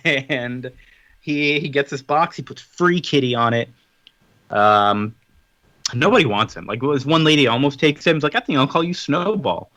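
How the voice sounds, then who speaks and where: A man co-hosting a podcast in casual chat, summarizing a story with quick acted-out quotes. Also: medium pitch, fairly bright tone, no echo. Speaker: podcast co-host.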